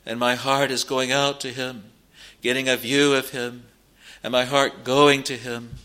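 Male preacher, mid-pitched and bright, earnest sermon delivery with slow emphatic stresses. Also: little pitch movement. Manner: earnest, pleading with listeners, slow stressed phrases.

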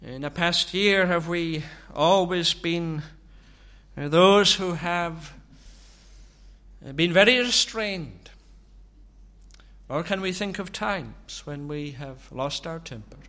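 A man preaching a sermon, asking slow, searching rhetorical questions. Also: a little high, pushed and bright.

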